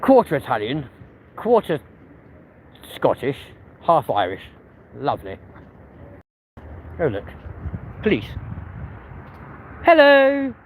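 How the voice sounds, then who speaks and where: A man's voice: medium pitch, sing-song, takes it slowly, pauses often, a little hiss or hum, low-quality recording. Cheeky London man live-streaming outdoors. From England. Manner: cheeky, sweary, chats to the live chat while walking. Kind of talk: chatty live stream banter with viewers. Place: outdoors on city streets.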